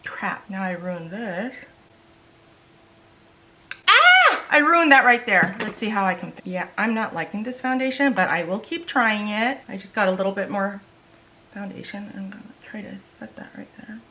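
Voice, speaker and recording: A woman's voice: mid-range voice, normal speed, pushed and bright, a little hiss or hum. A woman beauty vlogger in a casual makeup try-on vlog, chatty and exasperated, talking straight to her viewers.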